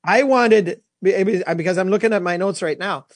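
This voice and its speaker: A man co-hosting a sports talk show, a former goalie telling animated stories in casual chat. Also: high-pitched, a little fast, no room sound. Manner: storytelling, animated.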